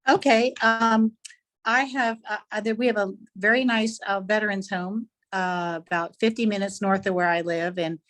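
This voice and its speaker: Halting woman artist, many fillers. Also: medium pitch, fairly even intonation, a bit bright. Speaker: artist and art teacher. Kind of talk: casual chat.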